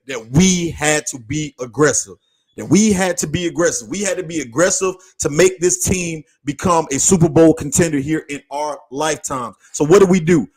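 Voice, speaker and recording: An excitable man hosts his podcast in a loose, slangy, profane style. His voice sits a bit higher than most men's, and he breaks into shouting when he gets fired up. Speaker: podcast host. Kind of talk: casual hyped sports talk.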